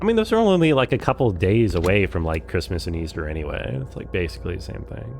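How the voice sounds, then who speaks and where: A young man with a low voice and quick pace streams a game, chatting in a laid-back way. His Californian accent comes through, and "like" shows up in nearly every sentence.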